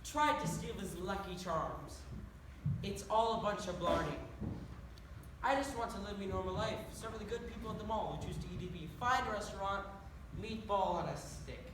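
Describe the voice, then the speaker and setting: A woman playing a short, hot-tempered male leprechaun with an Irish accent, dry and sarcastic. The voice sits back from the mic in an echoey room, with steady noise behind it. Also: medium pitch, moderate pace, far from the mic, natural voice. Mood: wistful.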